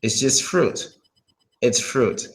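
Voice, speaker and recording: A man's voice: mid-range voice, expressive, takes it slowly, low-quality recording. A man giving a casual pronunciation lesson, thinking aloud and often hesitating. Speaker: English pronunciation tutor.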